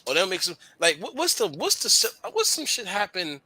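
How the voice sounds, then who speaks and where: A man's voice: high voice, brisk, husky, dry recording. A man co-hosting a radio talk show, talking candidly in slangy casual chat. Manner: candid, slangy, animated storytelling.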